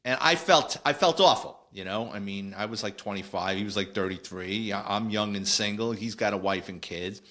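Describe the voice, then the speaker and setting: A middle-aged man, telling a casual, animated story on a podcast with lots of digressions. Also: lowish voice, normal speed, few pauses. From New York. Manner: animated, digressive, acts out quoted voices. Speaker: podcast host, former police officer.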